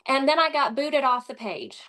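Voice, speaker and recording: Midwestern woman guest, lively conversational storyteller who voices the people she quotes. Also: sits high, normal speed. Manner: animated, acts out quoted dialogue. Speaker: interview guest.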